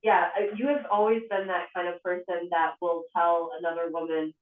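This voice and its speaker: A woman's voice: lowish voice, flat delivery, moderate pace, recorded from a distance. A woman hosting casual chat, affirming and reflective. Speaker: host. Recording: tinny, echoey phone line from afar.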